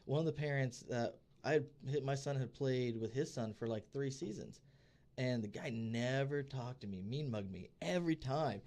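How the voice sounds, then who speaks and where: This man co-hosts a podcast and tells stories at a normal pace in a mid-range voice. Casual and animated, he acts out anyone he quotes, recorded in a studio.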